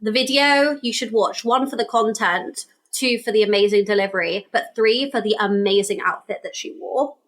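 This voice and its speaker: A woman's voice: mid-range voice, normal speed, few pauses, a bit bright. A woman guest on a podcast, chatting casually in an upbeat, enthusiastic way. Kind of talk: casual panel chat.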